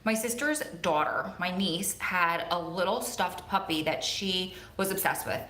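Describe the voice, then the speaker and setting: A woman's voice: lowish voice, unhurried, sharp tone. A woman from Long Island with a strong New Jersey and Long Island accent, chatting casually on her live stream. She rambles and repeats words for emphasis. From Long Island, New York. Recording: echoey room.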